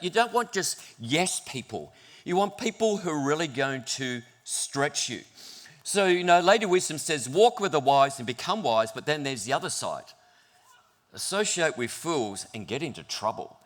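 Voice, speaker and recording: A middle-aged pastor with a medium-pitched voice preaches a sermon in church, telling stories in an animated, self-deprecating way.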